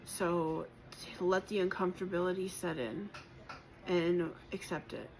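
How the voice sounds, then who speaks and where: Woman doing a spiritual tarot reading, lowish voice, gentle and encouraging, lots of ums and pauses, bit of faint hiss. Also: low-quality recording. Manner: gentle, encouraging and reflective, with many pauses and fillers; emotional at times. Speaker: tarot reader.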